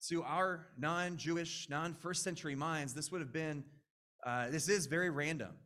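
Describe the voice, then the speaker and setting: A man's voice: a little high, normal speed, sharp tone. A man preaching a conversational, earnest sermon as a pastor, with frequent restarts.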